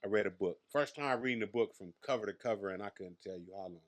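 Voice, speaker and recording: A man's voice: on the low side, fast. A man in his thirties from Las Vegas, a comedian guest telling brash, profane stories in a casual interview. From Las Vegas, USA. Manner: brash, profane, boastful storyteller.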